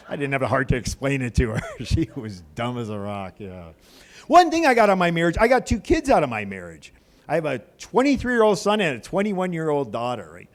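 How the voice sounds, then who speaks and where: Middle-aged male stand-up comic, slightly high voice, very animated pitch, crude punchy club set with crowd banter. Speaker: stand-up comedian. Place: comedy club stage.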